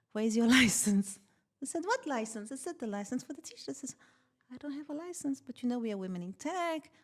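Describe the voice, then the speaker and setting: Lively woman telling a story. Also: fairly high pitch. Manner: animated, laughs often while telling stories. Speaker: podcast guest, tech founder. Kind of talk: casual interview storytelling.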